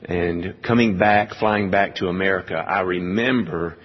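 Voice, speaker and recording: A man preaching slowly and deliberately, his low voice a little husky and pausing often on "uh". The sermon rings with a long hall echo and sounds dull and muffled, like an older church recording. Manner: slow, measured preaching with frequent "uh" pauses. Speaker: pastor.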